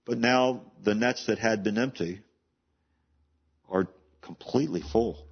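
A man's voice: fairly low pitch, unhurried, husky. A man preaching a sermon in a conversational way, often repeating and restarting words. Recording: dull lo-fi sound.

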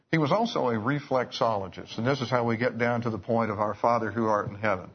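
Guy giving a folksy sermon, kinda husky, muffled lo-fi recording. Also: mid-range voice, fast talker, few pauses. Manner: folksy storytelling with restarts and asides. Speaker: preacher. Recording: dull lo-fi recording.

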